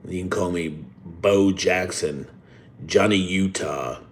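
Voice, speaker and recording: A man's voice: sits low, slow, slight background noise. A middle-aged man hosting a casual live stream, reading the chat and answering in a blunt, rambling way with free swearing.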